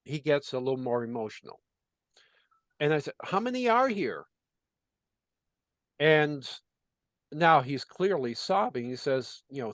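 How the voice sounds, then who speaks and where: A man's voice: a little high, big pitch swings, unhurried, pauses often, dry recording. A man working as a business consultant, telling a story in conversation and acting out the dialogue with lots of "you know" fillers.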